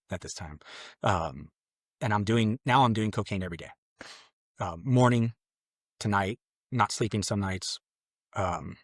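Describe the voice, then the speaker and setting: A man's voice: fairly low pitch, dry recording, studio quality. A man in his late twenties, a podcast guest telling his personal conversion story in an earnest, loose conversational way. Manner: earnest, loose and conversational, acting out his own past thoughts.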